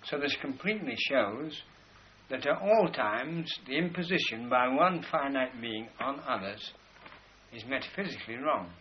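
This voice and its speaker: A man's voice: mid-range voice, lively intonation, normal speed. A man giving a rambling philosophical lecture, pointing to drawings as he explains. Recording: dull lo-fi recording with faint hiss.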